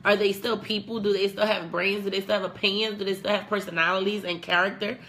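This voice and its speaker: A woman's voice: mid-range voice, fast, a little hiss or hum. A young woman hosting a casual advice vlog, talking bluntly with plenty of swearing. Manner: blunt, profane, animated. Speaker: vlog host.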